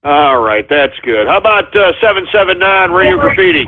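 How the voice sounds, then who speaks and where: A man hosting a call-in radio show, ranting angrily and shouting. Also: high-pitched, big pitch swings, a little fast, very noisy. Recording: tinny phone-like audio.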